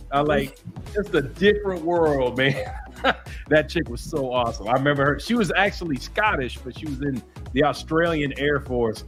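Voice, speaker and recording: An American man hosting a livestream, chatting casually and rambling through stories with lots of fillers. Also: fairly high pitch. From United States. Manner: laid-back, rambling storytelling with many fillers. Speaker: livestream host. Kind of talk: casual chat.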